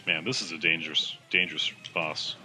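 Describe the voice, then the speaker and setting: A young man co-hosting a let's play, giving casual, jokey gameplay commentary, quick-talking and laughing easily. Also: deep voice, steady tone, bright, forceful tone, a little hiss or hum.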